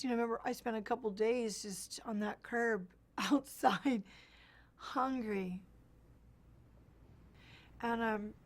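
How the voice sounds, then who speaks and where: A woman giving a halting personal testimony in an interview, with frequent restarts and fillers. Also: fairly high pitch.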